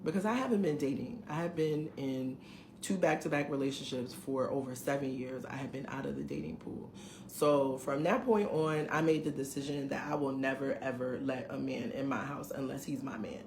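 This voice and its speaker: A woman's voice: a bass voice, moderate pace, darkish tone. A middle-aged woman at home, animatedly telling viewers a story in a casual, emphatic way. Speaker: vlogger recounting a dating experience. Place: her home, indoors. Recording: roomy room echo, faint background hiss.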